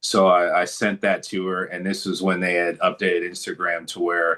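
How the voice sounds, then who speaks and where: A man's voice: deep voice, level tone, moderate pace, pushed and bright. A man talking as a guest in a casual interview, telling stories in a laid-back, good-humored way.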